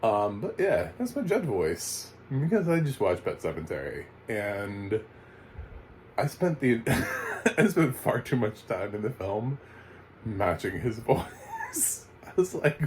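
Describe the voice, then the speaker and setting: A man's voice: fairly low pitch, wildly swooping pitch, unhurried, darkish tone, slight background noise, poor audio. A man casually reviewing a film, rambling and chatty with frequent laughs and fillers. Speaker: movie reviewer.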